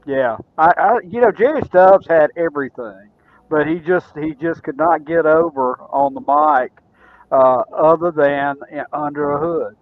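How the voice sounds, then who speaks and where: Halting co-host on a tinny phone line. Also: male voice, fairly high pitch, dry recording. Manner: halting, restarts often. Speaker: podcast co-host. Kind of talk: casual podcast talk.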